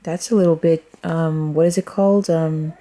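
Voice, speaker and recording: A woman gives a casual tarot reading, rambling as she thinks out loud and speaking bluntly and frankly, swearing freely. Her low, dark-toned voice moves at a normal speed with fairly even intonation.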